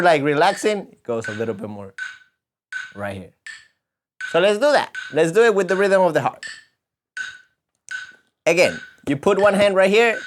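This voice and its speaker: A man's voice: a little high, a little hiss or hum. Patient man teaching kids rhythm. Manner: counts beats aloud slowly, patient explaining to kids. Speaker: music teacher. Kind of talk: children's music lesson.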